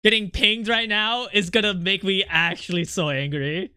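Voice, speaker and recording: A man's voice: sits high, fairly even intonation, normal speed, bright, forceful tone, clear, resonant tone, no echo, clean studio sound. A young man streaming his art, chatting casually with his chat in an irritable, snappy way, swearing and venting.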